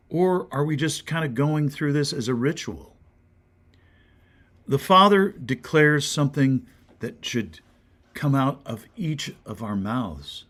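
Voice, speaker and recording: A man with an American accent, a pastor giving a short devotional sermon, earnest and questioning, sometimes dropping to a soft whisper. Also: on the high side, lively intonation, takes it slowly.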